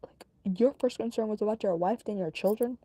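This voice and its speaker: A young woman talks through a true crime case in a loose, joking ramble, full of "like" and quick laughs. Her voice is mellow and dark-toned, and the recording is dry with no room sound. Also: medium pitch, no echo. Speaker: podcast host. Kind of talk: casual true crime commentary.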